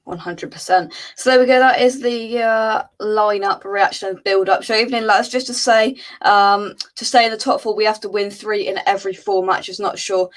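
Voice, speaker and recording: A woman's voice: mid-range voice, fairly even intonation, moderate pace, few pauses, rough recording. A woman hosting a live football fan show, chatting casually and reading out viewer comments with plenty of filler words.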